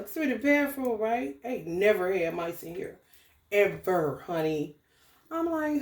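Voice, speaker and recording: A woman ranting casually in a spiritual vlog, profane and animated, breaking into laughter. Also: high voice, unhurried, gravelly, echoey room. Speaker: spiritual tarot reader.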